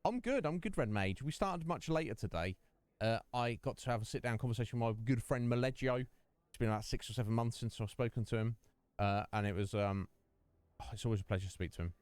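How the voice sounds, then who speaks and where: Chatty male streamer, smooth dry voice. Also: mid-range voice, brisk, darkish tone, no room sound. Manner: chatty, rambling, joking with chat. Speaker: streamer and host. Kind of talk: casual livestream chat over gameplay.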